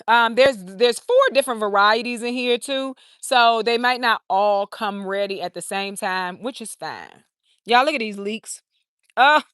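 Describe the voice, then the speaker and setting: A woman's voice: mid-range voice, fairly bright tone, no room sound, clean studio sound. A woman hosting a live garden tour, chatting casually and reading viewer comments. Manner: chatty, laughs often, talks to viewers as y'all. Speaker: garden channel host doing a live stream. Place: outdoor urban garden.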